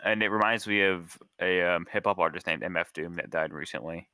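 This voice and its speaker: A man with a low, deep voice that still has a bright, forceful edge chats casually as a podcast guest. He pauses and restarts his sentences often, and a faint hiss of background noise sits under his voice on the call. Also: low-quality recording. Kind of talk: casual chat.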